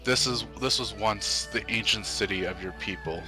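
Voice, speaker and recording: A man narrating as dungeon master of a tabletop game, describing scenes with halting restarts and fillers. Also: on the low side, over music.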